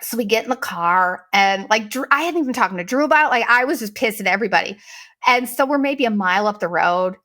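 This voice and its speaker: A woman hosting a podcast, telling a story in a casual, profane, animated way and mimicking the people she quotes. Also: mid-range voice, fast. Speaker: podcast host.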